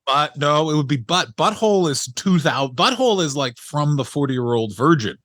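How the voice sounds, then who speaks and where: A man's voice: on the high side, lively intonation, moderate pace, a bit bright, no echo, studio quality. A man co-hosting a casual comedy podcast, making playfully opinionated jokes. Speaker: podcast co-host.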